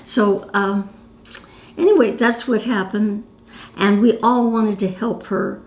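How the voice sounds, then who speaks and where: A woman in her nineties recalls her own stories for the camera in a relaxed, chatty way, calling the viewer "my dear." She speaks slowly with a medium pitch and fairly even intonation, and the recording has a roomy echo.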